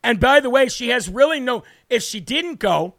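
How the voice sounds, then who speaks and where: A man's voice: extremely high pitch, animated, normal speed, fairly bright tone, dry recording, studio quality. A man hosting a live political talk show, delivering brash, emphatic commentary with punchy lists and repeated phrases.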